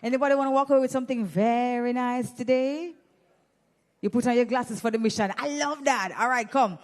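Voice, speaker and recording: A woman's voice: fairly high pitch, brisk. A Jamaican woman hosting a live event on a handheld microphone, teasing the audience and running prize games. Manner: playful, teasing, energetic. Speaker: event host.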